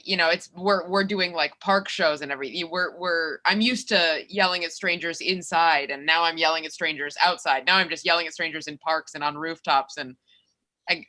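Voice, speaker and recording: Young female comic, bright forceful tone, self-deprecating stand-up, video call from a bedroom. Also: sits low. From Minnesota, USA. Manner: animated, self-mocking, with quick restarts. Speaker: comedian. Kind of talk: stand-up comedy set. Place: her bedroom.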